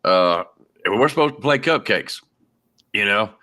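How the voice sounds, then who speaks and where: A man's voice: lowish voice, lively intonation, measured pace, pushed and bright. A man, hosting a casual podcast chat in an easygoing, colloquial way. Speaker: podcast host.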